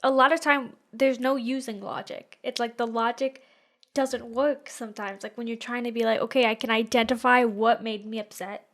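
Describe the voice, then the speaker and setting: A woman's voice: on the high side, steady tone, moderate pace, a bit bright. A young adult woman co-hosting a podcast in casual chat, talking with many fillers and frequent laughs. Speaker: podcast co-host.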